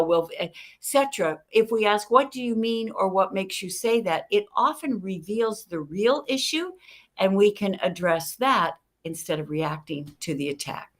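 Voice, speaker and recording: A middle-aged woman teaching communication, lively, acting out both sides of conversations as examples. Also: fairly low pitch. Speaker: guest communication expert. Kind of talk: animated teaching with acted-out dialogue.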